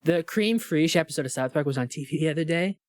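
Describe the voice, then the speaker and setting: A man's voice: fairly high pitch, fast talker, no room sound, studio quality. A man co-hosting a podcast in casual chat, with a wry, teasing manner and stammering restarts. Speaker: podcast co-host.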